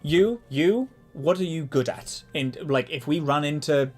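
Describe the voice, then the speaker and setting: A player in a tabletop game, reassuring and quick-spoken. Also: medium pitch, expressive, soft background music. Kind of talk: tabletop role-play.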